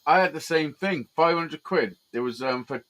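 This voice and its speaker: A man spins a story in loose, casual chat, swearing freely and getting animated as he goes. His voice sits fairly high for a man. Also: moderate pace, crowd noise. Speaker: host.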